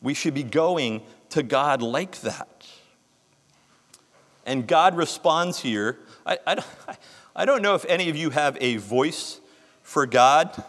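A man's voice: on the high side, animated, takes it slowly, a bit bright, big-room sound. A man preaching a sermon, reading scripture aloud with emphasis and explaining it earnestly.

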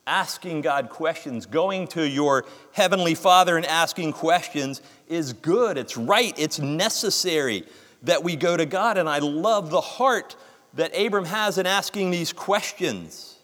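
A man delivers an earnest sermon, reading scripture aloud with emphasis before explaining it. His voice sits a little high for a man. The sound carries a long reverb, as in a large hall. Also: expressive, measured pace, a bit bright. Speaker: preacher.

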